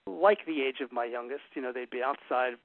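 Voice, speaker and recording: Earnest, gravelly man on tinny radio. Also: medium pitch, a little fast. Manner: emphatic, earnest, storytelling. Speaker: relationship speaker. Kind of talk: talk to a group. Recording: tinny phone-like radio sound.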